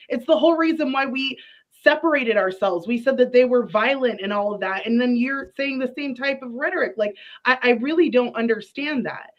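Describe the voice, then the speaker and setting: Brief: earnest woman debater, a touch high, muffled remote audio. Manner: earnest, frustrated, building her point. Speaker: debate guest. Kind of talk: livestream political debate.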